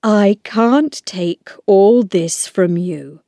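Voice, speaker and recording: Storybook reading: a stern, proud porter, read by a woman, slow and firm. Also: mid-range voice, dark tone, no room sound, studio quality. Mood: proud refusal. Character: proud, kindly working-class railway porter man.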